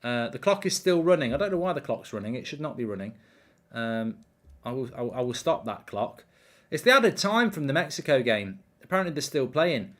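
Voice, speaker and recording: A man's voice: medium pitch, sing-song, a little fast, fairly bright tone. A man hosting a live football watchalong stream, chatting casually, rambling with lots of ums and reading viewers' comments aloud.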